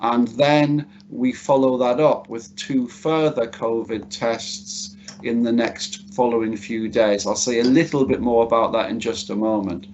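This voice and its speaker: A man's voice: medium pitch, darkish tone, dull audio, slight background noise. A British man giving a formal online address to parents as head of a school, courteous and full of "uh"s and stammered restarts. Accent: British English.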